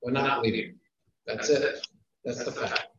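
A man's voice: medium pitch, fairly even intonation, unhurried, noisy background. Emphatic man teaching in an echoey room. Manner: emphatic, repeats key phrases; counts off numbered points. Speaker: teacher leading a class. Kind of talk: classroom teaching. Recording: echoey room, far from mic, dull sound.

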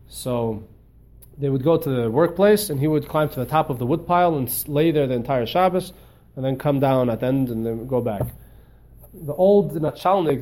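A man teaching a religious class, telling stories in an animated way and often repeating words as he hunts for the phrase. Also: fairly high pitch. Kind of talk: storytelling lecture.

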